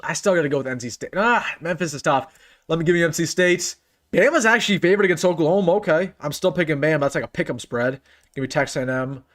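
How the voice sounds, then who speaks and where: Running through his picks on a relaxed live sports channel stream, this young adult host from the United States speaks in a slightly high voice. He's excitable and emphatic, frequently repeating lines for emphasis.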